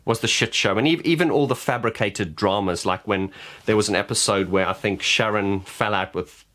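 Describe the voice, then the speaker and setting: A man talking straight to camera in a casual opinion vlog. His voice sits a little low, and he speaks bluntly, often stumbling and repeating words as he goes. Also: normal speed, a bit bright. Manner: frank, blunt, stammering restarts. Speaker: vlogger and vocal coach.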